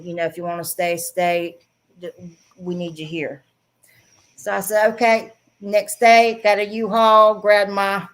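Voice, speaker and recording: Blunt Southern woman telling stories. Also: mid-range voice. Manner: blunt, frank, laughs often while telling stories. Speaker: guest. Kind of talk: casual storytelling interview.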